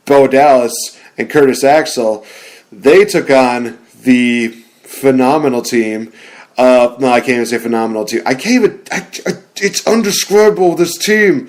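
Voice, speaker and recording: A young man co-hosting a casual wrestling chat, excitable and rambling, laughing often. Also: medium pitch. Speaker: podcast co-host.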